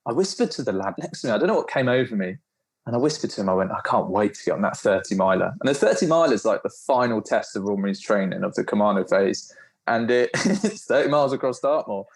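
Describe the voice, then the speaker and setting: A man, a podcast guest, telling animated, informal stories from his own experience. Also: mid-range voice, fast talker, breathy edge. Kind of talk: storytelling in a podcast interview.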